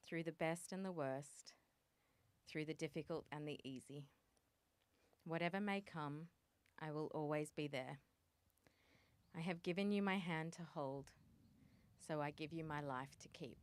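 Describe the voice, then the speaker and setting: A woman reading her wedding vows as the bride, softly, holding back tears. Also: sits low, a little slow, clear, resonant tone, no echo. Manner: soft, fighting tears.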